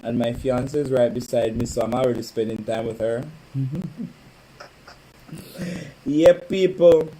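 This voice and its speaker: A man hosts a home live stream in a relaxed, chatty way, joking and calling viewers by name. His voice sits at a middle pitch with a warm, mellow tone. Faint noise hums in the background. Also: fairly quick, poor audio. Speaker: livestream host. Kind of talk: casual live-stream chat. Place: home, indoors.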